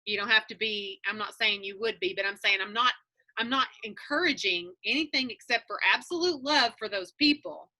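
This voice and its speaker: Woman, business coach on a video call, earnest motivational delivery, very bright tone, slightly high voice. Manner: earnest, motivational, many restarts.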